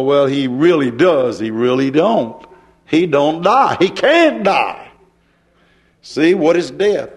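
A man preaching a fervent sermon, hollering and getting excited, mimicking hecklers and answering them. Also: fairly high pitch.

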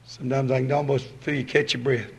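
A man preaching a sermon, folksy and swinging between loud exhortation and quiet asides. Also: mid-range voice, flat delivery, fast talker, vocal fry.

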